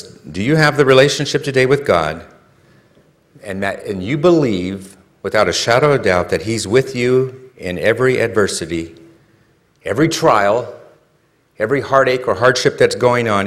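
A man's voice: mid-range voice, animated, moderate pace. A man preaching a sermon in a conversational way, asking the listeners rhetorical questions and rising to emphatic peaks. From California.

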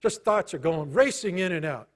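A man's voice: sits high, animated. Man preaching a personal testimony sermon. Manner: storytelling, conversational, pausing often. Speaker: pastor.

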